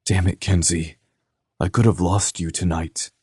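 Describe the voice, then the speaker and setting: A man voicing a gruff, protective young man. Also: deep voice, steady tone, measured pace, warm tone, no echo, studio quality. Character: protective young man, restless and guilt-ridden. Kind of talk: audiobook character voice.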